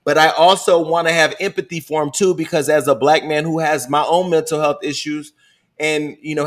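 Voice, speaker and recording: A man's voice: fairly high pitch, a bit bright. A middle-aged man hosting a podcast, talking bluntly and with plenty of swearing in candid casual chat. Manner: blunt, profane, storytelling. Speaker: podcast host.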